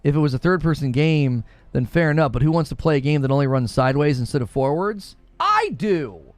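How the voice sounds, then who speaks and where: A man's voice: fairly high pitch, sing-song, a little fast, no echo. A man co-hosting a gaming news show, ranting in an exasperated, sarcastic way. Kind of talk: heated gaming podcast rant.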